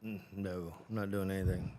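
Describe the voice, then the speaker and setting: A man speaking quietly and tersely in casual chat, mumbling and off the microphone. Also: low-pitched, little pitch movement, fairly quick. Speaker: co-host guest. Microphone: off the mic.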